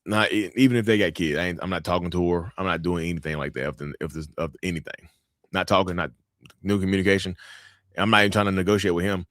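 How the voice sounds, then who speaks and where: A man's voice: deep voice, fairly even intonation, quick pace, fairly bright tone, no echo, clean studio sound. A man chatting casually on a livestream, reacting to viewer comments in a blunt, emphatic way that repeats phrases for effect.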